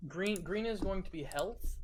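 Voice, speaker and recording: Man running a tabletop game, slightly high. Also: a little slow, heavy background noise. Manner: narrates actions with frequent fillers and self-corrections. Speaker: game master.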